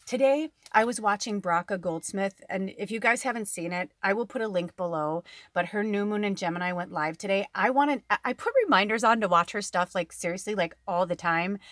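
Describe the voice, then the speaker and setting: A woman's voice: medium pitch, no room sound, clean studio sound. A woman tarot reader talking casually to her viewers, rambling and chatty with lots of fillers. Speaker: tarot reader and spiritual medium. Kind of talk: casual spiritual talk to viewers.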